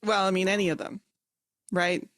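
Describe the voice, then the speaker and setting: A woman playing a tabletop game, deadpan and hesitant with fillers. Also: medium pitch, moderate pace, no echo, studio quality. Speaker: player. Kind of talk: casual tabletop play.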